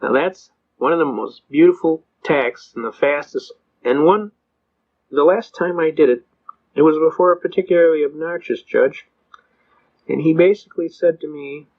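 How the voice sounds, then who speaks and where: A man giving a storytelling lecture on constitutional law in a folksy, animated way, acting out quotes and laughing often, on a muffled lo-fi recording. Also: a little high, normal speed.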